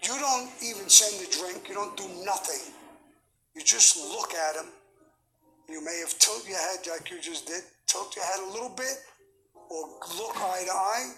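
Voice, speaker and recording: A gravelly man in his seventies sits as an interview guest and tells stories bluntly, with plenty of swearing. His voice is strikingly bright and forceful, and some faint music plays beneath him. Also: high voice, moderate pace, low-quality recording. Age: 70s. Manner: profane, blunt, animated storyteller. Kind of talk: candid storytelling interview.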